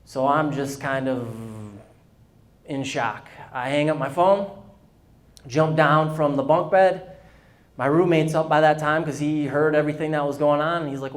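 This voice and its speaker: A man's voice: medium pitch, fairly even intonation, normal speed. A man giving a personal testimony at a business luncheon, telling his story candidly and acting out the dialogue. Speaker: guest speaker.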